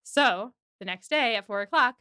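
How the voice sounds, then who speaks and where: A woman's voice: a little high, moderate pace, smooth, no echo, clean studio sound. A woman hosting a podcast, recapping an episode in casual chat and acting out the characters' lines. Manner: animated, acts out lines of dialogue.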